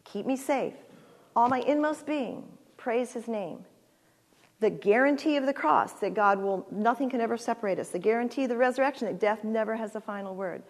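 A woman in her sixties, speaking as a guest at a church, gives an earnest, heartfelt personal talk with halting restarts and closes in prayer. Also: fairly high pitch. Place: church sanctuary. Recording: long reverb of a large church hall.

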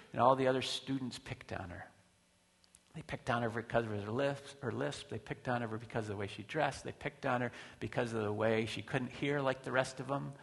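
A man's voice: mid-range voice, vocal fry, fairly bright tone. A man preaching a sermon in a conversational way, with rhetorical questions and frequent restarts. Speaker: pastor. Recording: long hall reverb.

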